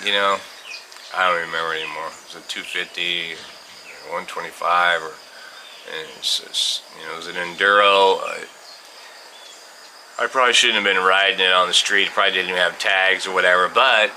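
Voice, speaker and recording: Deep-voiced man rambling through a story outdoors. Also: fairly even intonation, normal speed. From California. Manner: rambling, many fillers and restarts, chuckles. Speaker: vlogger telling stories. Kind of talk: casual storytelling. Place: outdoors on a farm. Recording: outdoor insect and bird noise. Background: birds and crickets.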